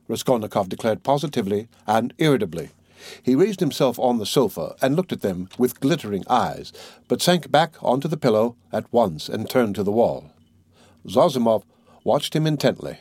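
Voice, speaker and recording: A man reads a classic novel aloud as an audiobook narrator. His reading is measured and unhurried, at a middle pitch. The recording is dry and close, with no room sound. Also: big pitch swings, darkish tone, husky, dry recording.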